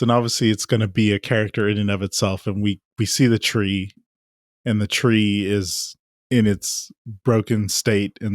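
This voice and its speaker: A man co-hosting a movie podcast in casual chat, animated and joking. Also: lowish voice, no echo, clean studio sound. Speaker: podcast co-host.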